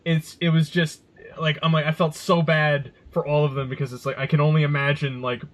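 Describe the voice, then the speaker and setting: A man in his thirties co-hosting a casual podcast, telling animated, swear-filled stories and acting out what people said. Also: on the high side, fairly quick. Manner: animated storyteller, swears, acts out quotes. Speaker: podcast co-host.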